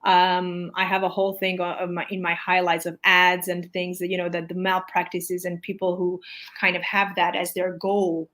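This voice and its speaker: A woman hosting a live conversation. She speaks in a measured, thoughtful way, pausing on fillers as she finds her words. Her voice sits slightly lower than most women's. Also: completely flat delivery, a bit bright. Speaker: host.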